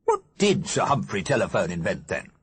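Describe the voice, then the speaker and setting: A man's voice: on the low side, huge pitch swings, moderate pace, fairly bright tone, slightly rough, heavily acted. A man doing a muddled ghost alderman. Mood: puzzled. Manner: puzzled, earnest. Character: muddled dead male alderman, earnest.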